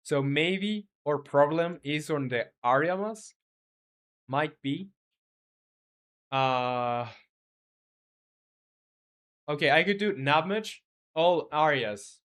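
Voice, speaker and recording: While coding on a live stream, a game developer who isn't a native English speaker talks through his thoughts and chats with his audience, his speech halting and packed with fillers. He sounds a little high, expressive, and a bit bright.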